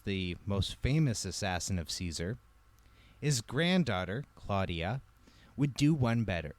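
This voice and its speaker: A man telling a comedic history story on a podcast, wry and profane, with lively delivery. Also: mid-range voice, no room sound.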